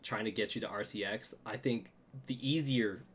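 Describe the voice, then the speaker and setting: A man's voice: lowish voice, moderate pace, fairly bright tone, a little hiss or hum. A man hosting a podcast in casual chat, telling stories and laughing often. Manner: chatty storyteller, laughs often. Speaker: podcast host.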